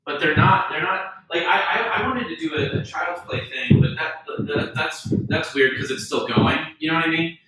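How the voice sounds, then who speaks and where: A man talks loosely and profanely, stumbling through restarts as he works out his thoughts. His voice is bright and forceful and sits a little high. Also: animated, normal speed, hardly any pauses. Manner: rambling, profane, many restarts. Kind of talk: casual chat.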